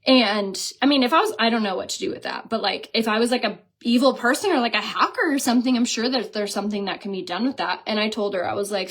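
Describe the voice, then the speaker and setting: A young woman vlogging casually, telling a story in an animated way and mimicking the people she quotes. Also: mid-range voice, fairly quick. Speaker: beauty vlogger. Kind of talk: casual chatty storytime vlog.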